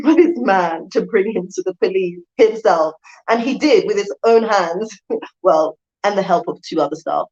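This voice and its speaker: A woman's voice: lowish voice, darkish tone, lo-fi sound. A woman in her thirties, originally from the UK, chatting casually on a live stream, laughing often and reading out viewer comments. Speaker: vlogger hosting a live stream.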